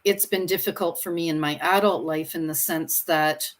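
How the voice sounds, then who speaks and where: A woman's voice: deep voice, fairly even intonation, normal speed. A woman co-hosting a talk show, speaking reflectively and often checking in with "right?" and "you know". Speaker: co-host. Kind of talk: reflective conversation.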